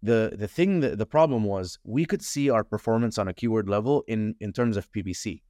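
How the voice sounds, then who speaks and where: Casting: blunt, lively man guest, lowish voice, dry close mic. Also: brisk, no room sound. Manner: animated, frank, swears casually, many fillers. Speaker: podcast guest, advertising consultant. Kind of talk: casual conversational interview.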